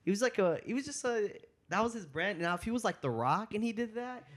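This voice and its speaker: Young comedian guy on a podcast, kinda high voice, acts out every quote and laughs a lot. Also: brisk. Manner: animated storyteller, acts out quotes, laughs often. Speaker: guest comedian. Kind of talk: casual podcast chat.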